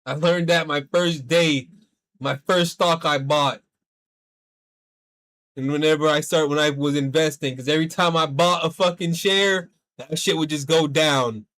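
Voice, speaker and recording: A man with a notably high voice chats with viewers while he plays a game. His talk is rambling and loose, heavy with swearing as he vents. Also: a little slow. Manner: profane, rambling, animated venting. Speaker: streamer. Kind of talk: casual livestream chat while gaming.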